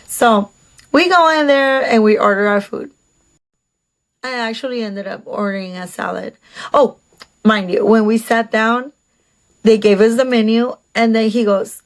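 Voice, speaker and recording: A woman's voice: on the high side, measured pace. A woman telling a casual storytime about a date, chatty and sarcastic, with lots of fillers and asides.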